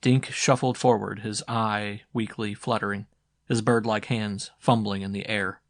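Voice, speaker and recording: Male audiobook narrator; low, dramatic, dry studio read over soft music. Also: a little slow, no room sound. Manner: dramatic, expressive storytelling. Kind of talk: scripted narration.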